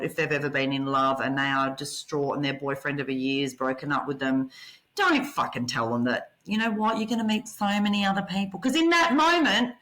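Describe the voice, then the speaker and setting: Blunt, forceful woman telling stories. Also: sits low, rough recording. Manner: blunt, swears freely, animated. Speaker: podcast guest. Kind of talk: candid personal storytelling.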